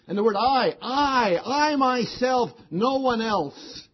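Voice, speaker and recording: Husky fairly high-voiced preacher guy, hammering the same words over and over, dull old-sounding recording. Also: animated, slow, hardly any pauses. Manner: emphatic, repeats key words with rising stress. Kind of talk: sermon.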